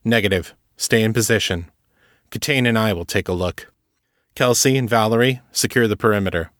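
A man voicing a stern, gruff male team leader who gives terse, commanding orders. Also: fairly low pitch, fairly quick, a bit bright, no echo, clean studio sound, natural voice.

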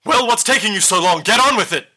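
A man voicing a wild, near-mad woman villain who shouts threats in a raised voice. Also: big pitch swings, moderate pace, full character voice. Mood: taunting. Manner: shouting, high-pitched threats.

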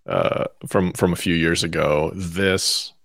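A man's voice: low voice, fairly even intonation, vocal fry, a bit bright, no echo, clean studio sound. A man co-hosting a radio show, chatting casually and often restarting his words. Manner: halting, restarts words, good-humored. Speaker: co-host. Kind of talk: casual chat.

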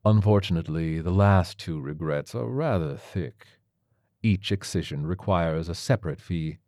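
In a spoken story, a man voices a soft-spoken tiger surgeon who comes across as calm, measured and clinical, staying gently matter-of-fact. His voice is deep, and the sound is dry and close with no echo.

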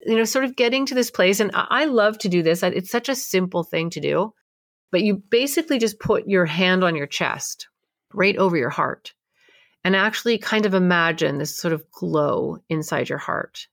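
Woman co-host, animated advice-giver, dry studio sound. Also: on the low side, normal speed, dry recording. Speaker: co-host giving emotional advice. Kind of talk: casual advice chat.

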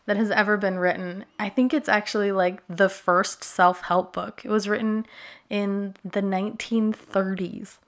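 A woman's voice: mid-range voice, little pitch movement, unhurried. Upbeat chatty woman in her 30s cohosting a podcast, laughs a lot. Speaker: podcast co-host and food blogger. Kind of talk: casual podcast chat.

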